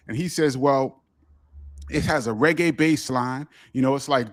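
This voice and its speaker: A man's voice: fairly high pitch, normal speed. A middle-aged man, a guest telling stories in a casual interview and acting out the dialogue. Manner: animated, acts out quoted dialogue. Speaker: guest, DJ and author.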